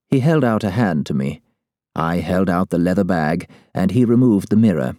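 A man narrating a story in the first person as a letter, with measured, formal, old-fashioned phrasing. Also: sits low, lively intonation, dark tone, no room sound, clean studio sound.

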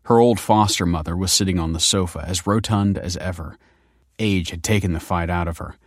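A man narrating a story in a measured, wry way. His voice is deep and low. The recording is close and dry, with no room sound. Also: no echo. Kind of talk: scripted narration.

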